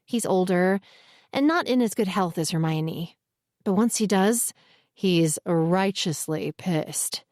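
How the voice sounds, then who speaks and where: A woman narrating a first-person romance audiobook in a steady, earnest reading voice. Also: mid-range voice, a little slow, dry recording, clean studio sound.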